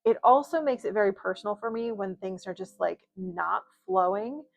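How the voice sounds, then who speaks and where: Woman, tarot reader, casual and rambling delivery, noticeable vocal fry. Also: medium pitch, expressive, moderate pace. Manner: chatty, rambling, with many fillers and asides. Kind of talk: casual spoken tarot reading.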